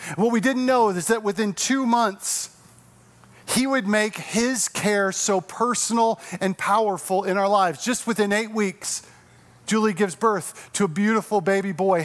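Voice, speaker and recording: High-voiced earnest preaching man. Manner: earnest, slowing and softening for emphasis. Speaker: pastor. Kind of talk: sermon.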